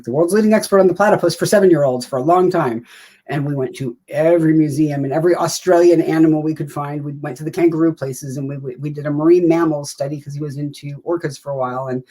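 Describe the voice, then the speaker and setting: Speaking low, a little mellow and slightly rough, this woman in her fifties from the United States is a writer guesting on an interview. Her talk is casual, chatty and rambling, laced with self-deprecating humor.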